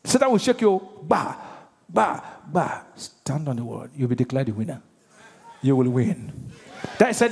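A man with a Nigerian accent preaching a sermon as pastor, animated and using call-and-response with his congregation. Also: a little high. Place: large church auditorium. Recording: husky voice in a reverberant church hall.

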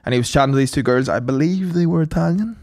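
A man's voice: fairly high pitch, quick pace, a little mellow. A young adult man, co-hosting a podcast and telling stories in teasing, giggly banter. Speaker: podcast co-host. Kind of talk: casual banter.

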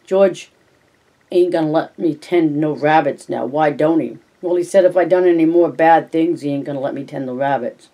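A reader voicing a big, simple-minded, gentle ranch hand in a storybook reading, speaking slowly, plaintively and like a child. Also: medium pitch, lightly acted. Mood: miserable.

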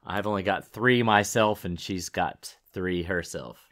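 A man's voice: sits low, unhurried, fairly bright tone. A man co-hosting a podcast, easygoing and laughing often in casual chat. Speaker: podcast co-host.

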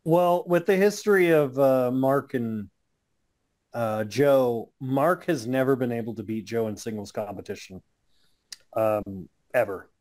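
A man co-hosting a podcast, telling animated stories in casual chat and acting out other people's voices. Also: medium pitch, a little slow. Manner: animated storyteller, acts out voices. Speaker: podcast co-host.

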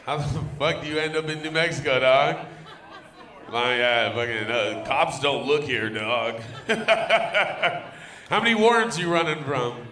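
A man doing crude live stand-up, joking with the crowd and bursting into loud teasing. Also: on the high side, a little slow. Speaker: stand-up comedian. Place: comedy club stage. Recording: echoey live club room.

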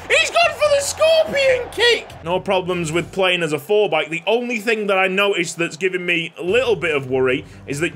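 Excitable man commentating a football game. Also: high voice, slight background noise. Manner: excitable, shouts and laughs at goals. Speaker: gaming YouTuber.

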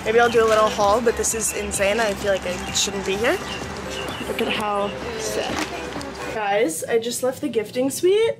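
With background noise around her, a young woman with a medium-pitched voice speaks at a moderate pace. She vlogs casually to her phone camera, gushing and upbeat as she walks through her festival trip: the hotel, the pool, and outdoors.

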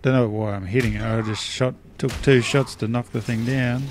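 Aussie guy mumbling thru his game, chatty asides, mid pitched voice. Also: steady tone, moderate pace, a little hiss or hum. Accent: Australian. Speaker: let's play gamer. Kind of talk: casual gameplay commentary.

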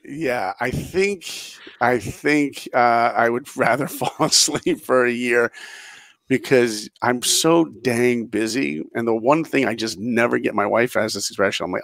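Man in his forties, animated storyteller, lively pitch, gravelly, dry close sound. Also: moderate pace, dry recording. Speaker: guest, animation director. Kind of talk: casual podcast chat.

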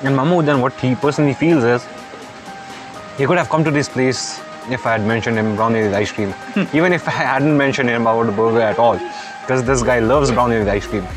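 A man's voice: mid-range voice, fairly quick, music in the background. A young man vlogging casually in a cafe. He chats easily, tosses in Nepali and Hindi words and keeps saying bro. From Kalimpong, India. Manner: chatty, mixes in Nepali and Hindi words, says bro a lot. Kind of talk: casual vlog talk. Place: cafe, outdoors and inside.

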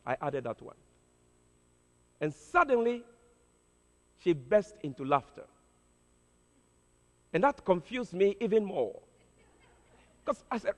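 This high-pitched, expressive preacher takes a measured pace and pauses often as he narrates a story with earnest drama and hesitant fillers. Long reverb from the hall fills the recording.

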